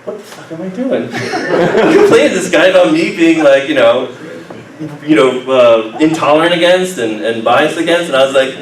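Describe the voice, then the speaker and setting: Animated male storyteller speaking to a live group, caught from a distance in an echoey, noisy room. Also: a little high, moderate pace. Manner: animated, laughing, acts out others' lines. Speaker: speaker at a humanist group meeting. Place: meeting room.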